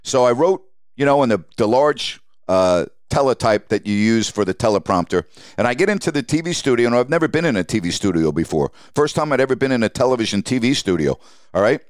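Man in his sixties, podcast host, animated storytelling, mid-pitched voice, dry close mic. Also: a little fast, dry recording. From Long Island, New York. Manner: animated storyteller who acts out quoted dialogue.

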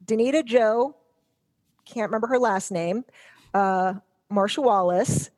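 A woman's voice: medium pitch, measured pace, darkish tone. A woman guest in casual chat, telling rambling stories and teasing the hosts playfully.

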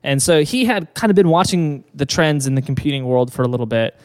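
A man's voice: a little high, animated, brisk, clear, resonant tone, long reverb tail. A man co-hosting a podcast, telling a business story in a loose, rambling way with fillers. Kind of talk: casual chat.

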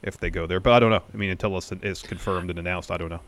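A man's voice: low voice, steady tone, rapid-fire, fairly bright tone. A man co-hosting a casual podcast chat, laid-back and agreeable, reading listener questions aloud. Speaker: podcast co-host.

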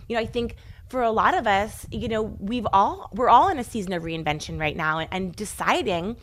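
A woman hosting a podcast interview, telling stories in an animated, emphatic way. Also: mid-range voice, brisk, slight background noise. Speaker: podcast host. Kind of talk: casual interview chat.

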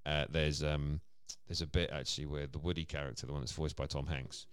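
A man's voice: rumbling low, smooth, no echo, studio quality. A man, co-hosting a podcast as a dad in casual chat, laughing often. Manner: animated, quick, laughs often.

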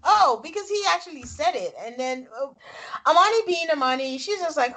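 A woman co-hosting a podcast, recapping a reality show episode in casual, animated chat. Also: high voice, a little fast. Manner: animated storytelling, frequent laughs. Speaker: podcast co-host.

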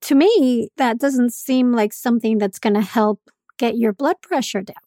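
A woman's voice: a little high, normal speed, mellow, dry recording, studio quality. A woman hosting a podcast, making empathetic comments to her guest. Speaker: podcast host. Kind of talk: interview reaction.

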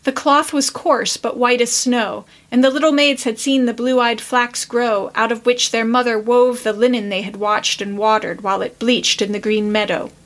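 A woman podcast host reading a classic story aloud with measured, expressive narration. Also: fairly high pitch.

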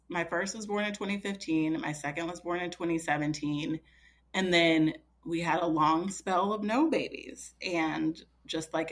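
A woman's voice: lowish voice, fairly bright tone. A woman in her thirties, a podcast guest telling a personal story in a chatty way, full of fillers and quoting herself. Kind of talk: casual storytelling.

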